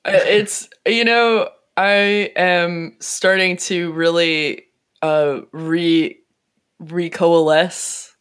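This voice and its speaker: A woman's voice: fairly low pitch, steady tone, very slow, a bit bright, smooth. Rambling, self-mocking woman podcast co-host. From New York City. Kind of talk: casual chat. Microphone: microphone on a stand.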